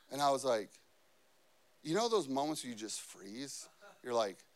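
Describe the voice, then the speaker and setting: Man, pastor, high voice, sermon, dramatic shifts from hushed story to booming scripture. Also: expressive, normal speed. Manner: swings from quiet anecdote to loud emphatic scripture reading.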